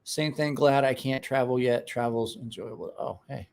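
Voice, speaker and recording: A man's voice: medium pitch, moderate pace, gravelly, darkish tone. A man chatting casually on a live stream, rambling, restarting words, and talking to his dog in between.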